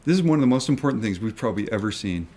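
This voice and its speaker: A man's voice: on the low side, expressive, rapid-fire, darkish tone. A man who invests in stocks, talking to his viewers in a video. He rants emphatically, repeats himself and swears often. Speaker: retail stock investor vlogger. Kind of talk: ranting video commentary.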